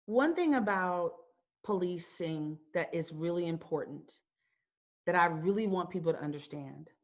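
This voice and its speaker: A woman's voice: on the low side, animated, a little slow. A middle-aged woman speaking to an audience, emphatic and full of rhetorical questions that she often repeats. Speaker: founder and host giving a talk. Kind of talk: impassioned talk to an audience. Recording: dull lo-fi sound.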